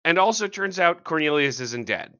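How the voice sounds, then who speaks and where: Lively, swearing comic-podcast host. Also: male voice, on the high side, moderate pace, highs cut off. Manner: animated, swears freely, jokey asides. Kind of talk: casual comic-review chat.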